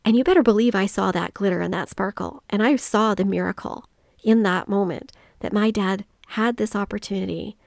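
Woman, solo podcast host; earnest reflective storyteller, gravelly texture, dry close mic. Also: medium pitch, darkish tone, no echo. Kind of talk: solo motivational podcast talk.

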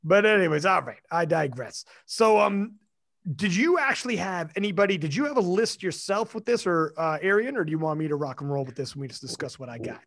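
A man hosting a casual podcast, animated and joking, swearing freely. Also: sits high, brisk, creaky, no room sound, clean studio sound. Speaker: podcast host.

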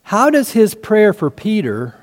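A man's voice: sits high, wildly swooping pitch, unhurried. Man preaching in a reverberant hall. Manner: earnest, questioning preaching with rhetorical questions. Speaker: pastor. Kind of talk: sermon.

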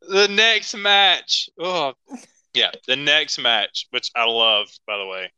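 A man's voice: fairly high pitch, expressive, slow, sharp tone, smooth, no echo, low-quality recording. A man co-hosting a wrestling podcast, chatting casually, laughing often and recapping matches move by move. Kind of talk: casual chat.

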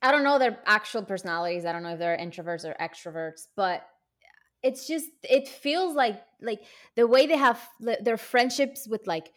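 A woman's voice: a little high, lively intonation, moderate pace, a bit bright. A woman co-hosting a podcast in casual chat, rambling and restarting her sentences with many fillers. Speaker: podcast co-host.

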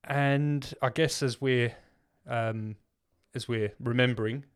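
A man's voice: mid-range voice, fairly even intonation, takes it slowly, smooth. A man co-hosting a podcast in casual chat, rambling with lots of filler words and restarts. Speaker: podcast co-host.

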